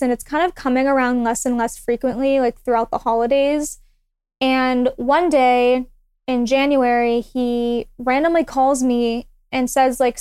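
A young woman with a high, clear, smooth voice tells a personal story on a podcast. She talks in a relaxed, chatty way and acts out other people's lines as she goes. The sound is close and dry. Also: no room sound. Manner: animated, acts out quoted dialogue. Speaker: guest. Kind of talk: casual storytelling.

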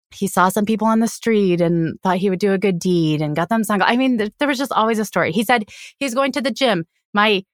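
A woman's voice: medium pitch, no echo. Dry-sounding woman telling her story. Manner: candid, quotes people in her story. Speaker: guest. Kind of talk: storytelling in casual chat.

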